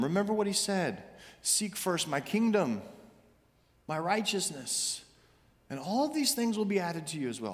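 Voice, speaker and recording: A man preaching with a high, bright-pitched voice, moving from quiet, slow lines to loud shouted ones as he acts out scripture. The sound carries a long reverb, as in a large hall. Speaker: pastor. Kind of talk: sermon.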